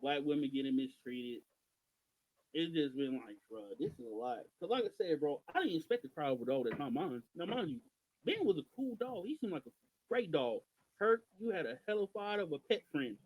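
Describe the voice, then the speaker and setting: A man's voice: a little high, big pitch swings, brisk, a little mellow, low-quality recording. A man from Missouri co-hosting a casual podcast, ranting in an exasperated, emphatic way. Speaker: podcast co-host.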